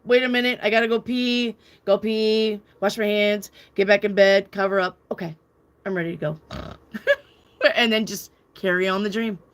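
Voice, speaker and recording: A woman's voice: mid-range voice, a bit bright. A woman hosting a live tarot channel, chatting casually and candidly, reading out viewer comments and swearing freely. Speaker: tarot reader and channel host. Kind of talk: casual live-stream chat.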